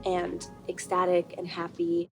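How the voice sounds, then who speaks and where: A woman's voice: lowish voice, monotone, measured pace, vocal fry, a little mellow, faint music behind. A young woman in her twenties, a brand founder, talking casually and openly emotional in a personal vlog.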